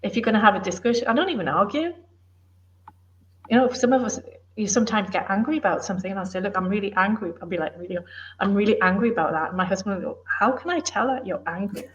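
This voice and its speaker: A woman's voice: medium pitch, quick pace, dull audio. A middle-aged woman from the UK, a former police officer and author, talking in an earnest, emphatic, plain-spoken way in a casual interview.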